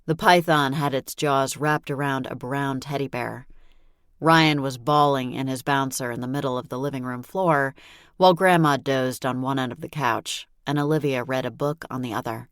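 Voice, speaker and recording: A woman with a strikingly deep voice narrates a story in the first person. Her tone is dry and wry. The sound is close and dead, with no room around it. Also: fairly even intonation, normal speed, clean tone, no echo. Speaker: audiobook narrator.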